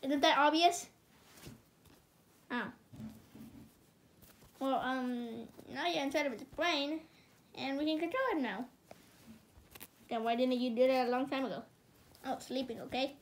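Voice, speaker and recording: A woman performs every role in a homemade cartoon, in a high voice. She keeps breaking into frantic yelps and cries of pain between her lines. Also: measured pace, pauses often, a little hiss or hum. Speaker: fan animator voicing all characters.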